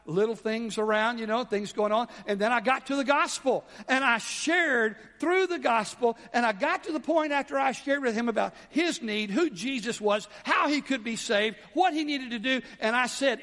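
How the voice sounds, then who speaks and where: A male pastor delivers a sermon in a high voice, dropping to hushed lows and then rising to emphatic calls. His words ring out with a long reverb, as in a large church hall. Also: normal speed, hardly any pauses. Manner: dramatic, swings from soft low drops to raised exclamations.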